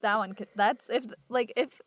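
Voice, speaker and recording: A woman's voice: fairly high pitch, steady tone, moderate pace, dry recording. A young woman co-hosting a podcast in casual chat, reacting to stories with exclamations and laughter. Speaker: podcast co-host.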